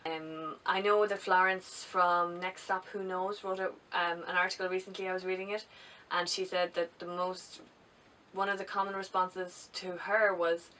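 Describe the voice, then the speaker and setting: A woman's voice: fairly low pitch, level tone, moderate pace, a bit bright. A young woman with an Irish accent, chatting casually to camera as a travel vlogger, rambling a little with ums and restarts. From Ireland. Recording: distant mic with faint background noise.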